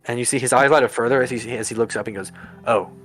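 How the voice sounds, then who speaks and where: A man's voice: medium pitch, fairly even intonation, very fast, fairly bright tone, soft background music. A man narrating a tabletop game as game master and voicing its characters, with many fillers and restarts.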